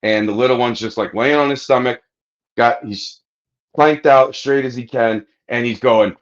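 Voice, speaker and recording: A man's voice: mid-range voice, normal speed, dull audio. A man co-hosting a podcast, telling profane anecdotes in casual chat. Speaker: podcast co-host.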